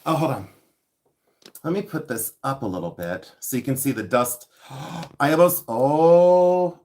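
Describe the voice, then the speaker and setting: A man hosting a casual live stream, chatty, excitable and self-mocking as he shows vintage finds indoors. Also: a little high, takes it slowly. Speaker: livestream host selling vintage finds. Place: indoors at home, seated with items.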